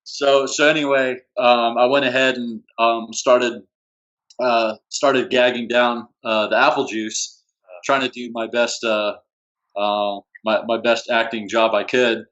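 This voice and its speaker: Halting man on a dull remote line. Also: medium pitch, little pitch movement, fairly bright tone. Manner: halting, filler-heavy. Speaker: guest, former squad member. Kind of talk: casual chat, storytelling.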